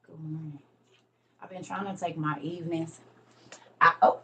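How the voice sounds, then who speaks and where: A woman's voice: sits low, fairly even intonation, moderate pace, sharp tone, slight background noise, poor audio. A middle-aged woman, chatting casually with viewers on a morning livestream from home, calling them y'all. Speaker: livestream host. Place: home room.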